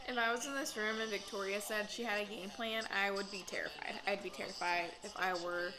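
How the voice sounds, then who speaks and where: A woman in her own casual voice, talking through a reality show recap with gossipy asides and frequent laughter. A loud crowd and the show's own audio are clearly heard behind her. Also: medium pitch, steady tone, fairly quick, hardly any pauses, low-quality recording. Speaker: reality TV reaction host. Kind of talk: casual reaction commentary.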